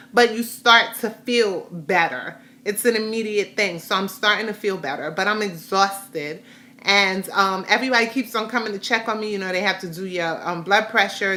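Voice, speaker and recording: A woman with a medium-pitched, sharp-toned voice vlogs candidly about a hard day, restarting and rambling as she goes. She's an adult mother of a grown son, telling a personal story.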